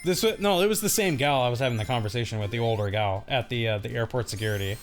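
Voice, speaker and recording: A man's voice: mid-range voice, fast, soft background music. A young man casually telling a rambling, laughing story, acting out the other people's voices. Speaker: co-host of a gaming channel. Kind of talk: casual storytelling while playing a game.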